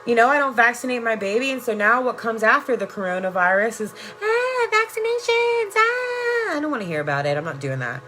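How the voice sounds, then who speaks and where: A woman's voice: mid-range voice, fast, hardly any pauses, bright, forceful tone. A woman on a live video, reading viewer comments and preaching love and faith in an effusive, profane way. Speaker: energy worker and life coach.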